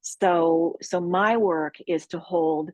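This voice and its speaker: A woman who leads healing retreats, talking calmly and earnestly as a guest in an interview, with measured pauses. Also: on the low side, no room sound. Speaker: sexual healing retreat leader.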